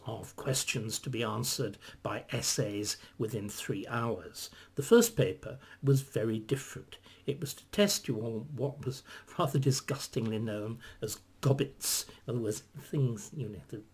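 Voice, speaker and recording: An older man, a historian, talking reflectively in an articulate, lecturing way, stressing points and then dropping to soft, near-whispered asides. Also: mid-range voice, normal speed, breathy edge. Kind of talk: reflective conversation.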